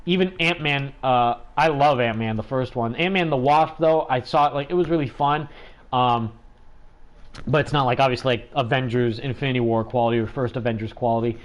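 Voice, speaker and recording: A man's voice: medium pitch, a little fast. A man hosting a gaming livestream, talking in a chatty, rambling way with lots of fillers. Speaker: livestream host.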